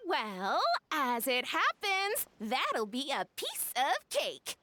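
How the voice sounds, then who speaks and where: A woman voicing an excitable young inventor hosting an event in a video game, talking in a bubbly, giggly way. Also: high-pitched, takes it slowly, a little hiss or hum, heavily acted. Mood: proud. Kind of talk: video game cutscene dialogue.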